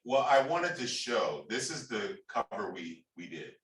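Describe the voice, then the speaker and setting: A man's voice: lowish voice, very animated, a little slow, a bit bright. A man hosting a panel, affirming others and often restarting his sentences. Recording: roomy, distant audio.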